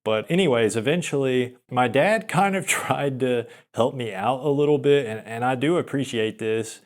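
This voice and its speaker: A man's voice: medium pitch, moderate pace. Rambling self-deprecating young man. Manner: rambling, self-deprecating, frequent restarts and laughs. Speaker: podcaster. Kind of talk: casual storytelling monologue.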